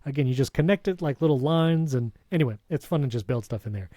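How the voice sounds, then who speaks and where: A man of Hispanic background co-hosts a tech podcast, chatting casually and enthusiastically reading a sponsor spot with quick asides. His mid-range voice is expressive and mellow, with no room sound.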